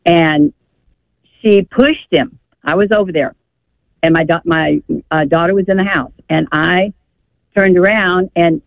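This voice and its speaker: A woman's voice: lowish voice, no room sound. Older woman caller on a tinny phone. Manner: rambling, emphatic storytelling. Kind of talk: call-in radio chat. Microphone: telephone.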